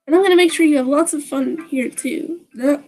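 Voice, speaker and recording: High, giddy teen girl best friend, put on by a woman. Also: a little fast, warm tone, faint music behind.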